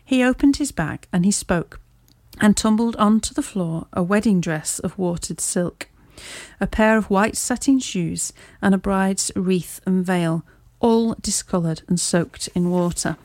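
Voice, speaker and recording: Woman storybook reader, steady and measured, dry close sound. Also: mid-range voice, no room sound. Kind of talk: reading a classic story aloud.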